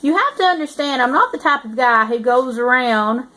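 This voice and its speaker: Brief: cocky young college guy narrating, told in a fairly high woman's reading voice. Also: expressive, moderate pace, bright, forceful tone. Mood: amused. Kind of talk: reading a novel aloud.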